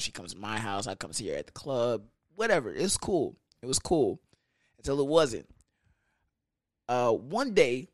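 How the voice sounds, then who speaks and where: A young man hosting a podcast, telling a story in a casual, profane, animated way with laughs. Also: medium pitch, dry recording, clean studio sound. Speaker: podcast host.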